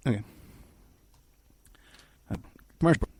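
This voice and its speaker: A man's voice: slow, a little mellow. A man hosting a talk show, talking in a rambling way with frequent restarts and fillers. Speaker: radio show host. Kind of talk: casual talk-show monologue.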